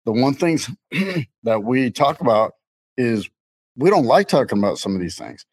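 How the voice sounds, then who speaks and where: Middle-aged male co-host, casual faith podcast, loose and jokey, medium pitch. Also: big pitch swings, normal speed, low-quality recording. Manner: rambling, jokey, laughs often.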